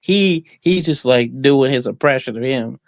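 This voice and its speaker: A man's voice: medium pitch, a little slow, no room sound. A man, a guest wrestler, talking through boastful trash talk in a loose, rambling way, full of fillers and restarts. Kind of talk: casual podcast interview.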